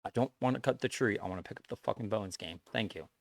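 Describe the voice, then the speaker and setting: A man's voice: on the low side, fast talker, gravelly, dry recording. A man streaming live, talking bluntly to his viewers in a lecturing way, swearing and repeating himself as he makes his point. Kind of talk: casual stream chat to viewers.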